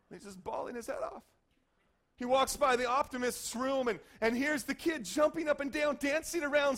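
High-voiced animated male pastor. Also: moderate pace. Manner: animated storytelling, acting out voices and shouts. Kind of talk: sermon.

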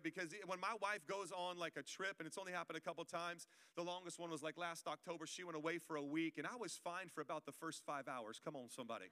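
Bright, high-voiced joking pastor. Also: male voice, fast, few pauses. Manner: conversational, joking, calls out to the congregation. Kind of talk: sermon. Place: church auditorium. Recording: long reverb of a church hall.

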